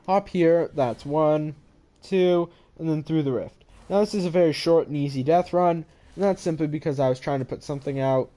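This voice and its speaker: A young man with a soft, mellow voice pitched a little high narrates a relaxed game map walkthrough. He rambles, trails off and sounds sleepy, speaking into a headset microphone. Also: moderate pace. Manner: rambling, sleepy, yawning and apologizing. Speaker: gaming channel host. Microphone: head-mounted microphone.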